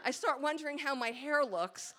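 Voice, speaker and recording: A woman's voice: high-pitched, lively intonation, normal speed. A woman telling a candid, self-mocking personal story on stage before a live audience, acting out her own thoughts as she goes. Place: small hall with a live audience.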